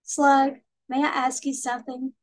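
A woman's voice: high voice, level tone, a little slow, dry recording, pitched above the performer's own voice. A woman reading aloud and voicing a friendly, kind female snail in a storybook.

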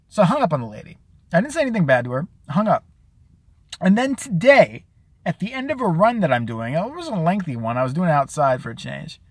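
A man's voice: sing-song, quick pace, no echo. Profane, sarcastic man with a dry close sound. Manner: profane, sarcastic, mimics people in high voices. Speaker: live-stream host. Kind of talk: casual live-stream rant. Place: out and about, at a store.

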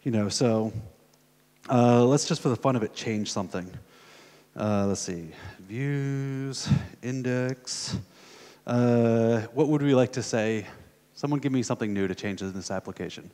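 Speaking unhurriedly in a dark, mid-range voice, a US-born American man gives a casual live coding demo at a conference, thinking aloud while typing with many fillers. The conference room adds long hall reverb.

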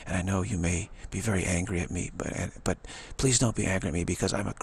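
A man quoting an apologetic, self-effacing woman spiritual teacher in soft, pleading tones. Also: deep voice, fairly even intonation, fast talker, slight background noise.

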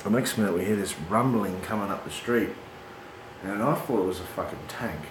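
A middle-aged Australian man spins a rowdy yarn in a casual, swear-laden voice, animated and breaking into laughs. His voice carries a roomy echo, with steady background noise clearly audible behind him. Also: on the low side, a little fast. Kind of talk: casual storytelling.

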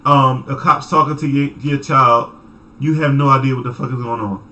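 Young male storyteller, bright forceful voice, profane, animated, laughs easily. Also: medium pitch, normal speed, muffled recording. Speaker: vlogger. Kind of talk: casual storytime.

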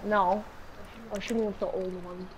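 A woman bantering and cursing while playing a video game, teasing and breaking into shouts. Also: medium pitch, little pitch movement, normal speed. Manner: profane, teasing, bursts into shouts. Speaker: gamer. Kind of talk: casual gaming banter. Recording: loud game noise behind voice.

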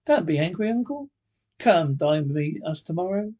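A cheerful, warm-hearted young man, eager and pleading, his husky voice pitched up high, as a storybook reader puts him on. He is earnest and friendly throughout. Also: very animated, normal speed.

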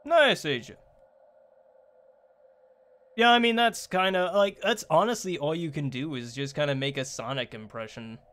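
A man's voice: a little high, moderate pace, long pauses, fairly bright tone. A man streaming a game, reading its text aloud and answering viewer chat in a rambling way with many fillers and restarts. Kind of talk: casual live-stream chat while playing.

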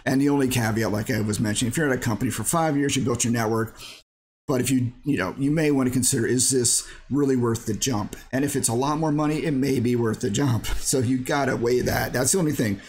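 A man's voice: medium pitch, fast, darkish tone, slightly rough. A man hosting his channel, giving blunt, rambling casual commentary on a clip. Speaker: channel host reacting to a clip.

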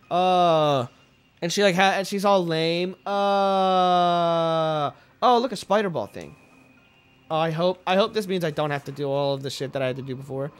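High-voiced joking gamer man. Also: slight background noise. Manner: joking, profane, playful bursts of goofy shouting. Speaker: let's play gamer. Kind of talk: casual gameplay commentary.

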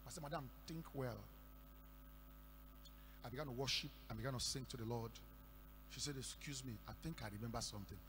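A Nigerian man preaching a sermon, telling stories and breaking into shouted declarations. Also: medium pitch, fairly quick, long pauses. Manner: storytelling with sudden shouted declarations. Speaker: pastor. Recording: echoey hall with faint hum.

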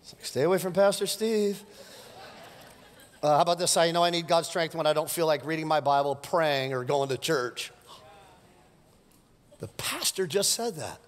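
A middle-aged man preaching a sermon as pastor, animated and joking with the congregation. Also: a little high, moderate pace. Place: church sanctuary. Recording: live church sermon with long reverb.

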